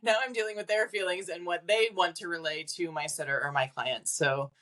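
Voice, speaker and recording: A woman with a somewhat low voice talks as a medium guest on a podcast. She chats in a loose, casual way, often slipping in "like" and breaking into small laughs between points. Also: fairly even intonation, fairly quick, fairly bright tone. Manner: chatty, acts out quoted voices, frequent "like" fillers.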